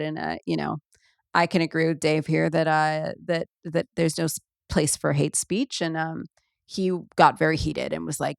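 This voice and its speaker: A woman's voice: low-pitched, steady tone, moderate pace, vocal fry, no room sound, studio quality. A woman hosting a solo podcast, chatting casually and rambling with many ums and asides. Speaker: podcast host.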